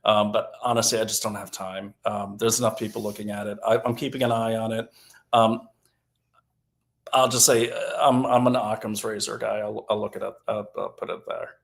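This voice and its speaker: A middle-aged man from Maine co-hosting a casual talk show, easygoing and halting, reading out viewer names with many fillers. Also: fairly low pitch, level tone, gravelly. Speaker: co-host. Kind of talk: casual chat.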